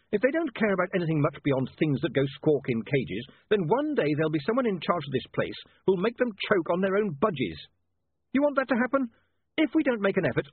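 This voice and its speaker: Casting: reader doing an earnest young editor, impassioned, husky voice, dry lo-fi sound. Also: male voice, a little high, dry recording, pitched above the performer's own voice. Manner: impassioned, arguing. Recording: tinny dry lo-fi audiobook recording.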